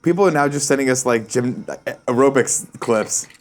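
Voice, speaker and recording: A man's voice: medium pitch, moderate pace. A man co-hosting a morning show, bantering in a jokey, slangy way. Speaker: co-host. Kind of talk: casual chat.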